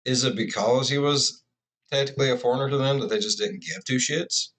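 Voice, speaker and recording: A man's voice: medium pitch, fairly quick, a bit bright. A man giving rambling, profane, casual commentary as a reaction video host.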